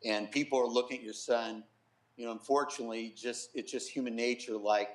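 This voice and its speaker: A middle-aged man speaks in an earnest, storytelling way, his voice sitting at an ordinary pitch for a man. He often drops softer when he quotes others. The sound is roomy, as if recorded in a reverberant studio. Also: fairly even intonation, fairly quick. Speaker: pastor and guest. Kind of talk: personal testimony in a TV interview.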